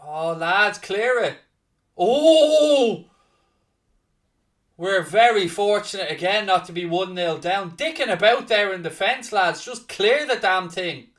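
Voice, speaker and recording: Excitable man calling a live match. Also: high-pitched, moderate pace, hardly any pauses, far from the mic. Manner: chatty, bursts into loud excited shouting. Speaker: watchalong host and commentator. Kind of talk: casual live match commentary.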